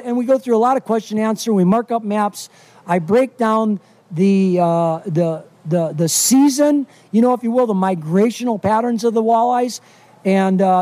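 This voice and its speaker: He's a middle-aged fishing guide from Wisconsin chatting in a relaxed radio interview, his high voice carrying a mellow warmth. Eager and folksy, he leans heavily on filler words.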